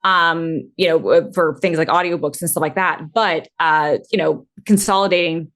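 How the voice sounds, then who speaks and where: A woman's voice: sits low, moderate pace, fairly bright tone. A woman panelist in a casual tech chat, thoughtful and hedging, with many fillers and restarts.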